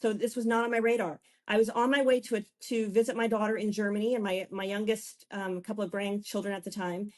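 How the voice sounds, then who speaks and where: A woman's voice: medium pitch, level tone, fast, few pauses. A woman in her fifties, a wellness coach and guest, telling her own story in an effusive way, often restarting and getting emotional. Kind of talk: candid personal storytelling.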